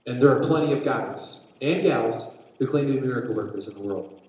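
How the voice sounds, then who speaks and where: A man preaching a sermon, retelling a story in an animated way with frequent restarts. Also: medium pitch, fairly quick. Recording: very echoey room.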